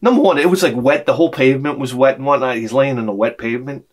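A middle-aged man ranting to camera as a vlogger, profane and sarcastic, dropping to mutters and then shouting his outbursts. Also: medium pitch, quick pace. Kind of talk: rambling comic rant to camera.

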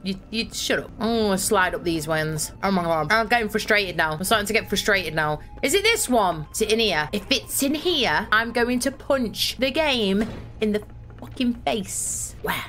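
Bright, swearing gamer woman. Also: mid-range voice, animated, normal speed, a little hiss or hum. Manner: swearing, exasperated, thinks aloud. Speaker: gaming streamer. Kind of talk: live gameplay commentary.

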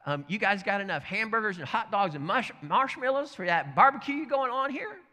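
A man's voice: high-pitched, animated, brisk, bright, forceful tone, big-room sound, pitched above the performer's own voice. A man voicing a cheerful, unbothered older man who answers hostility with breezy friendliness. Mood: cheery.

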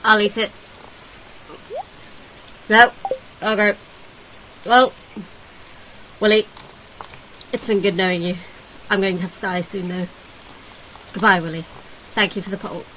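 A woman's voice: mid-range voice, steady tone, unhurried, long pauses, fairly bright tone, slight background noise, low-quality recording. A woman giving casual let's-play commentary, comically dramatic and given to whiny pleading. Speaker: video game player.

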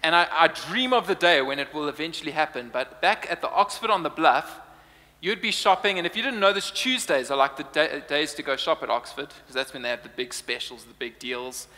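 Jasny głos młodego kaznodziei w sali. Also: male voice, fairly high pitch, brisk, pushed and bright, long reverb tail. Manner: playful, chatty, laughs often. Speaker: preacher. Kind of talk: humorous sermon. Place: church hall.

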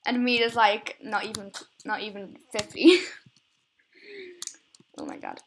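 A woman's voice: medium pitch, sing-song, unhurried, slight background noise. A young woman chatting casually while playing a game, rambling, often giggling and laughing at herself. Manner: giggly, rambling, many self-conscious laughs. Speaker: gamer recording gameplay. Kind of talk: casual gameplay chat.

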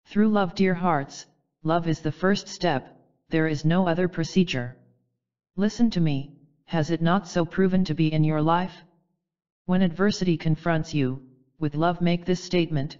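A reader giving a measured, formal reading of channeled spiritual teachings, addressing the listener as dear one. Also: medium pitch, darkish tone, clean tone, muffled recording. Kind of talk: solemn reading of a spiritual text.

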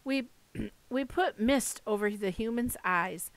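A woman voicing a touchy, jittery young satyr boy, half goat, with a high nervous edge in an audiobook reading. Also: slow, dry recording. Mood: indignant. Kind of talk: audiobook character voice.

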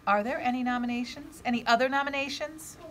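A woman voicing a brisk female schoolteacher addressing her class in a read-aloud storybook. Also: sits high, a bit bright, slight background noise. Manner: announcing to a class.

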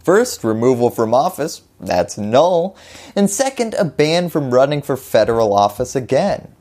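A woman's voice: very deep voice, very animated, measured pace, mellow. A woman hosting a scripted political explainer, delivering it with wry, jokey asides.

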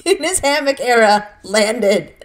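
A woman co-hosting a comedy podcast, cutting in with quick, sassy, teasing remarks. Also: a little high, lively intonation. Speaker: co-host. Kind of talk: casual comedic banter.

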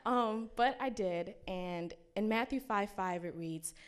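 A young woman, a student speaker at a campus ministry, giving a personal testimony sermon in an earnest, halting way with many fillers. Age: young adult. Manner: quotes others in animated high-pitched voices.

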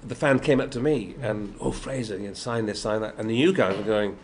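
An older Yorkshireman chats as the guest in an interview, slipping into the voices of people he quotes and laughing between lines. His voice sits low, and a faint hum of a convention room lies under it. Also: brisk. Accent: Yorkshire English. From Yorkshire, England. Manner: lively storyteller, acts out quotes, laughs often. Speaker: guest actor. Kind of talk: anecdotal interview chat.

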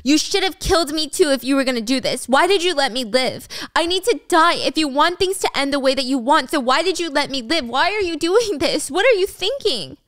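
A woman's voice: sits high, expressive, fairly quick, hardly any pauses, fairly bright tone, no room sound, studio quality, voice pushed up. A woman voicing an anxious young woman who keeps pressing with questions in a retold story. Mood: distressed.

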